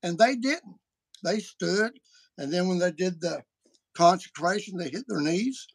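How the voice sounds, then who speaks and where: Podcast host guy, gravelly voice, kinda high, folksy and chatty. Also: measured pace. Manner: animated, folksy storytelling. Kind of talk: casual chat.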